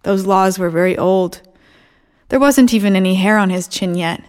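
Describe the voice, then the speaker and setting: A woman narrating fiction at a steady, measured pace, her voice sitting at an ordinary middle pitch. The reading is even and composed, in the manner of an audiobook.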